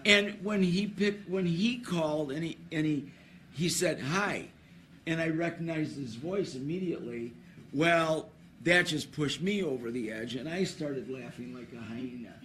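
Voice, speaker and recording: A man's voice: on the high side, a little slow, fairly bright tone. A man announcing a trivia contest, who tells a story at an awards ceremony before a live audience. He rambles, laughs and restarts his sentences.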